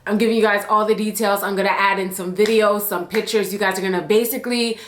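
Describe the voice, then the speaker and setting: A woman's voice: medium pitch, steady tone, quick pace, slight background noise. A young woman from Jamaica chatting to her viewers in a casual story-time vlog, bubbly, chatty and emotional. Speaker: YouTube vlogger. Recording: echoey room.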